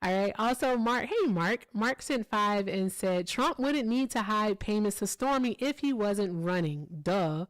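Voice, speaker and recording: A woman's voice: medium pitch, expressive, a little slow, hardly any pauses, dry recording. A woman hosting a live political call-in stream, pressing a caller with pointed questions. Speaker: host.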